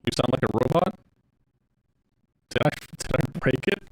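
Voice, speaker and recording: Guy streaming a game, muttering thru menus, normal pitch, chill. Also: expressive, moderate pace, low-quality recording. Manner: mutters menu items while troubleshooting. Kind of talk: casual gameplay commentary.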